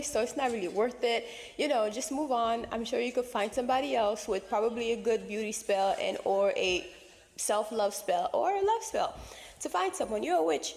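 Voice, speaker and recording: A woman's voice: a little high, creaky, darkish tone, in a large hall. A woman giving sassy, advice-heavy reaction commentary.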